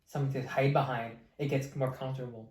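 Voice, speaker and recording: A man's voice: medium pitch, fairly even intonation, fast, a little mellow, roomy sound, poor audio. A young man hosting a podcast, talking in a laid-back, slangy casual way. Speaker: podcast host. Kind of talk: casual chat.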